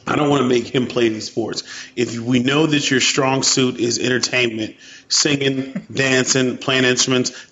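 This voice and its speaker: A man's voice: mid-range voice, steady tone, unhurried, fairly bright tone. A man co-hosting a podcast, talking casually and animatedly with boastful trash-talk. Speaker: podcast co-host. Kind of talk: casual chat. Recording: roomy, dull sound with faint noise.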